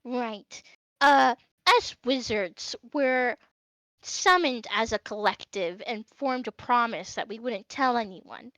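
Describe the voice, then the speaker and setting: A woman voicing a small male wizard figure, fussy and halting. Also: a little high, bright, forceful tone, no echo, rough recording. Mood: worried.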